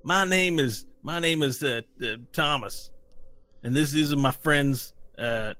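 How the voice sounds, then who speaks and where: A man's voice: on the high side, unhurried, sharp tone, no echo. A man voicing a shifty male gnome who peddles watches from his coat, with hesitant, stammering sales talk. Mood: wheedling.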